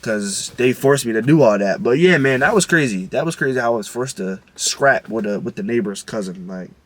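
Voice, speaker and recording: A man's voice: mid-range voice, lively intonation, brisk, no room sound. Young guy rambling a storytime, slangy, says like a lot, mid voice. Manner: slangy, rambling, full of "like" fillers. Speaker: vlogger. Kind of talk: casual storytime vlog.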